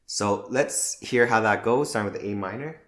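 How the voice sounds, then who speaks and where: A man teaching a guitar lesson, calmly naming the chords and counting out strum patterns. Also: lowish voice, moderate pace. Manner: calm, counts out strums plainly. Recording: roomy with loud guitar music. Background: guitar playing.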